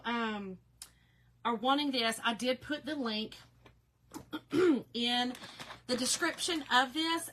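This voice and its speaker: A woman's voice: a little high, bright, forceful tone. A woman with a slightly nasal voice, chatting casually on a craft livestream and greeting viewers. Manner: chatty, emotional, reads viewer comments aloud.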